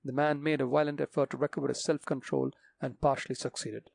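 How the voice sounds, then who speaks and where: A man narrating a mystery audiobook in a measured, dramatic reading. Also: mid-range voice, level tone, vocal fry, a little mellow, no room sound, studio quality.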